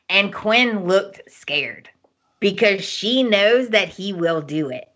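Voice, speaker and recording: A woman's voice: medium pitch, slow. A woman hosting a podcast, recapping a soap opera in casual chat and acting out the characters' lines as she goes. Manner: animated storytelling, acting out quotes.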